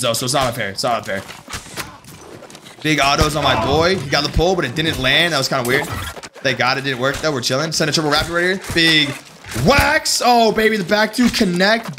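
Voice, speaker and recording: Young man, high-pitched, profane, hyped live gameplay callouts, loud music behind. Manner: hyped, profane, rapid-fire callouts, shouting at big plays. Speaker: streamer playing a PvP game.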